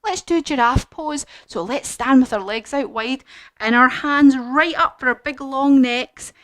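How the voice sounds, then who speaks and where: A woman leading a children's yoga lesson as a story, animated and encouraging. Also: high-pitched, measured pace, dry recording. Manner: animated, encouraging, sing-song. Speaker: kids yoga teacher.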